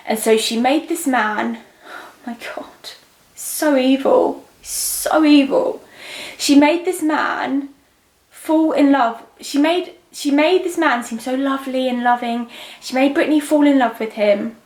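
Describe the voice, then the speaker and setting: A young woman giving a psychic tarot reading, emotional and halting, often trailing off and restarting. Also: on the high side. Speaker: tarot reader. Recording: roomy echo.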